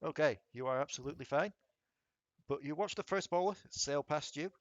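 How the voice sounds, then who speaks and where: A man's voice: fairly high pitch, dry recording, muffled recording. Chatty male game master, dry close mic. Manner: chatty, laughs often, quick bursts of rules talk. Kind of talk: narrating a tabletop game over voice chat.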